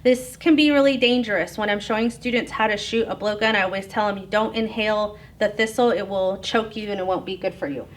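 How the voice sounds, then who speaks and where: A middle-aged woman from Oklahoma giving an informal lecture on tribal culture, relaxed and chatty, with frequent ums and light laughter. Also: mid-range voice, a little fast, few pauses, a little hiss or hum. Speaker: educator presenting on tribal culture.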